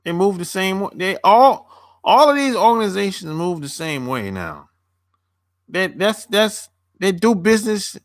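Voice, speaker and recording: A man's voice: high-pitched, very animated, a little slow, dry recording, studio quality. A young man chatting loosely on a live stream, answering viewers as a dating coach, rambling and repeating himself with casual swearing.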